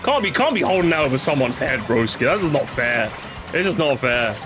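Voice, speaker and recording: Game music plays behind a young male streamer who rambles, swears freely and chats with viewers as he plays. His mid-range voice swings widely in pitch, and his delivery is brisk.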